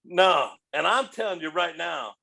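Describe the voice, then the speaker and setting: Middle-aged man, podcast guest, loose animated storyteller, profane and laughing, a little higher-pitched than most. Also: unhurried, creaky. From United States. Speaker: podcast guest, restaurant owner. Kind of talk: casual storytelling.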